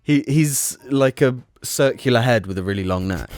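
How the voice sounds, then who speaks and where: A man's voice: mid-range voice, expressive, moderate pace, a little mellow, no room sound, clean studio sound. A man co-hosting a podcast in casual comedic chat, laid-back and teasing, swearing casually. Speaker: podcast co-host.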